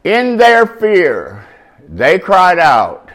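A man's voice: on the high side, expressive, a little slow, fairly bright tone. A middle-aged man preaching an informal, slangy sermon at a recovery meeting, shifting from easy talk to emphatic bursts.

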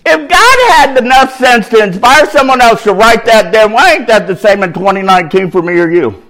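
A man preaching a sermon in slangy street talk, swinging from shouts down to near-whispers. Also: sits high, brisk. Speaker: preacher giving testimony.

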